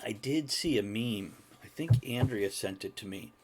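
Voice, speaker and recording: A man hosting a casual podcast chat, talking in an animated way, laughing often and swearing freely. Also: fairly low pitch, moderate pace, slightly rough. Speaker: podcast host.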